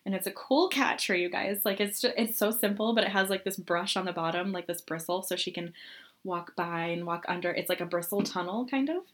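A woman's voice: on the low side, fairly quick. Young woman co-host, chatty storyteller, laughs a lot, acts out quotes. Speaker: podcast co-host. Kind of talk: casual chat.

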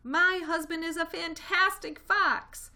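A woman's voice: sits high, normal speed, voice pushed up. A woman voicing a shy, loving mother fox in a storybook reading. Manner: soft, shy. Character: warm shy female fox, a loving wife.

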